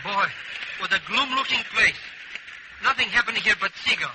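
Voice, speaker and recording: An actor with an American accent in a 1940s radio drama playing a brash, wheedling comic sidekick, on a hissy old recording. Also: male voice, sits high, normal speed, lightly acted. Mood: wisecracking. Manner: wisecracking, wheedling.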